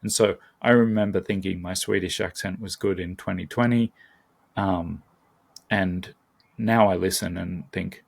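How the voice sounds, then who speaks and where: A man talks in a relaxed interview, his voice low and gravelly. He works through his thoughts slowly, with plenty of ums and restarts. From Australia. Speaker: guest, language learner and YouTuber. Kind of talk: casual conversation.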